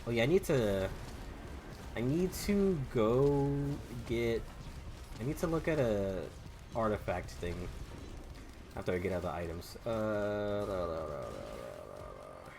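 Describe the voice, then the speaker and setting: A young gaming YouTuber with a Southern US accent rambles and stammers through restarts while commenting on his game. His voice is lowish and a little slow, with long pauses. Faint game music plays behind him.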